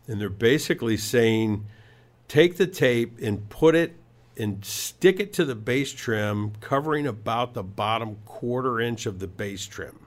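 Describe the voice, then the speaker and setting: A man's voice: mid-range voice, unhurried. A man hosting a home improvement talk show, giving tips in a casual, rambling way with many fillers and restarts. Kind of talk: casual radio-style talk.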